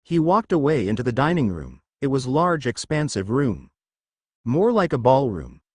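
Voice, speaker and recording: Male narrator, lively pitch, dry close sound, fan-fiction reading. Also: no room sound.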